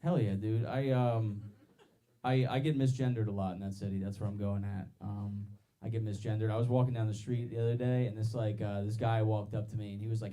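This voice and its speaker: A young man doing a stand-up comedy set on a club stage, loud and laughing as he works the crowd. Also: lowish voice, steady tone, fairly quick.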